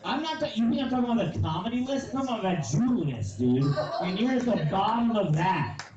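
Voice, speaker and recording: A man's voice: sits high, sing-song, brisk, a little mellow, muffled recording. A man hosting a comedy show, brashly bantering with and heckling the audience. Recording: roomy, far from mic, crowd behind.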